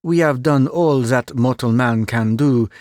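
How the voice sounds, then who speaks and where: A man voicing a fussy, vain, excitable middle-aged Belgian detective who drops French phrases, in an audiobook reading. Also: medium pitch, a little slow, dry recording, studio quality, close to an everyday voice.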